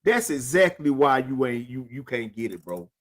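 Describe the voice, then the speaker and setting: A man's voice: medium pitch, big pitch swings, normal speed. A middle-aged man hosting a casual talk show, emphatic and repetitive, lecturing his guest with plenty of profanity. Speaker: podcast host. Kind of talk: casual chat.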